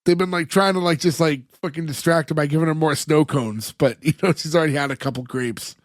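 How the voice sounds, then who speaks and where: A man's voice: a little high, brisk, dry recording, clean studio sound. A man co-hosting a podcast in casual chat, rambling with many filler words as he retells scenes. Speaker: podcast co-host. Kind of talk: casual chat recapping an episode.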